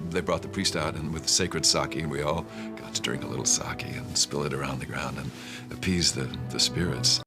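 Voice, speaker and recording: An older man, an actor, thoughtfully recalling his work in a reflective interview, speaking in a measured way with restarts and pauses. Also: sits low. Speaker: actor recalling a past production.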